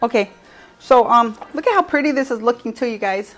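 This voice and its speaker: A woman's voice: a little high, animated, brisk, faint music behind. A woman hosting a casual live cooking show, chatty and giggly, talking to her viewers with a piece of bread in her mouth.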